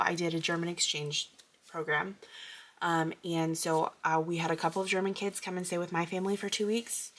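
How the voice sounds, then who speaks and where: A woman's voice: lowish voice, a bit bright. A young adult American woman from the Midwest, vlogging about budgeting in a chatty, digressive, upbeat way. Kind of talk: casual chat showing purchases.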